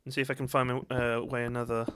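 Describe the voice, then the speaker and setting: A man's voice: mid-range voice, level tone, fast talker, noisy background. A man giving casual, self-mocking commentary while playing a game. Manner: chatty and self-mocking, laughs often. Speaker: gaming streamer.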